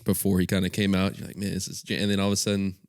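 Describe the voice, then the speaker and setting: A man co-hosting a podcast, telling quick anecdotes and tossing in quips during casual chat. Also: sits low, completely flat delivery, dry recording, studio quality. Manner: quippy, storytelling, mimics voices in anecdotes. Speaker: podcast co-host.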